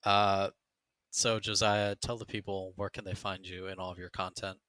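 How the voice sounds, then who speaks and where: A man's voice: deep voice, level tone, normal speed, pushed and bright, no room sound. A young man hosting a casual podcast, easygoing and self-deprecating. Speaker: podcast host.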